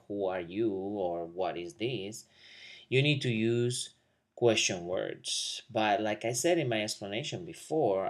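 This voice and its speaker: Man teaching with slow modeled examples. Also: on the low side. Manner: slows down to model example sentences, rising question inflection. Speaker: Spanish teacher. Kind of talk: video language lesson.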